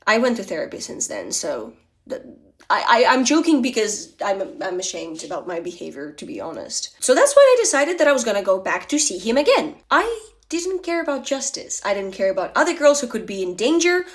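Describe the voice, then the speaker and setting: A woman's voice: a little high, very animated, a little fast. A young woman telling a personal story in a casual, candid, confessional way, with lots of filler words. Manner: candid, confessional, chatty with many "like"s.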